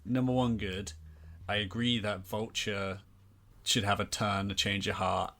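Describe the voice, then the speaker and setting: A man's voice: fairly low pitch, level tone, unhurried, fairly bright tone. A man co-hosting a podcast in casual chat, making dry wisecracks and weighing ideas point by point. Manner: dry wisecracks and structured critique. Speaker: podcast co-host.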